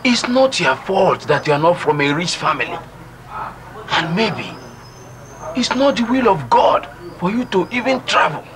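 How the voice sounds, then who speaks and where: A man's voice: high voice, sing-song, unhurried, a crowd in the background, full character voice. A man playing a friend who bluntly lectures him to give up. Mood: lecturing. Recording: clear background noise.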